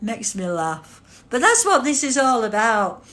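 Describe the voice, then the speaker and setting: A woman's voice: fairly high pitch, big pitch swings, a little slow, a bit bright. An older woman chatting casually on a livestream, reading out chat comments and laughing constantly. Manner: giggly, breaks into frequent laughter.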